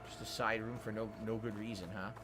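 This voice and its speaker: A man's voice: on the low side, level tone, fast, a bit bright, soft background music. A man livestreaming a video game, chatting playfully and commenting on what he sees. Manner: chatty, playful, thanks viewers. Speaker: game streamer.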